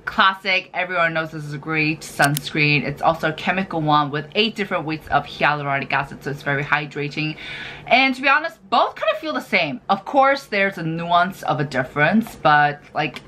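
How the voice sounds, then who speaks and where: Woman, skincare vlogger, casual review chat, low-ish voice, bright forceful tone. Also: normal speed, a little hiss or hum. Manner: chatty, animated, heavy use of filler "like".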